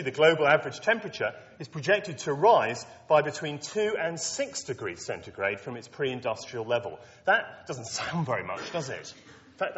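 A man preaching a lecture-style sermon to students, animated, with wry asides. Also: fairly high pitch. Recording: dull lo-fi recording in a reverberant hall.

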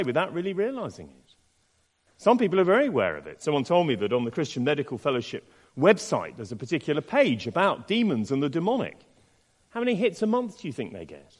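A man preaching a sermon in an expressive way, asking the listeners many rhetorical questions. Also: a little high. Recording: long reverb in a large hall.

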